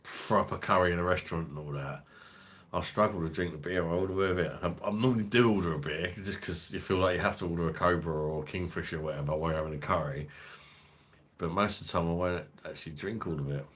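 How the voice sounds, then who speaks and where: Deep-voiced swearing man. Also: fast talker, a bit bright. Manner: swears freely, rambling, laughs often. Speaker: beer review channel host. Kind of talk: casual livestream chat reading viewer comments.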